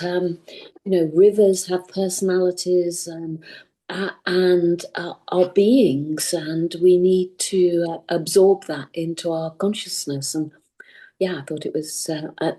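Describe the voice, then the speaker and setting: A woman's voice: on the low side, warm tone. A woman in the audience of an online book launch, commenting hesitantly and reflectively over a video call. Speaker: audience member. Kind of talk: casual comment at an online event.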